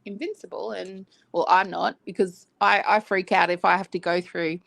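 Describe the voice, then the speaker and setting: A woman's voice: mid-range voice, steady tone, moderate pace, creaky, fairly bright tone, no echo. An Australian woman co-hosting a craft chat channel, rambling and giggly in casual chat. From North Queensland, Australia. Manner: chatty, rambling, giggly, self-conscious.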